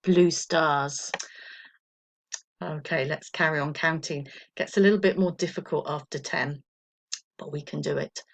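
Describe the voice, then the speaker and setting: A woman teaching a recorded French lesson to primary school children, patient and encouraging, counting slowly for pupils to repeat. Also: low voice, gravelly, breathy edge.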